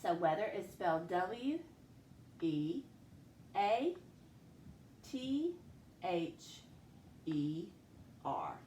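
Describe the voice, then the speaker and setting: A woman teaching a spelling lesson, speaking slowly and clearly and sounding out each letter and syllable. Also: lowish voice, big pitch swings, mellow. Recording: echoey room with faint ambient noise.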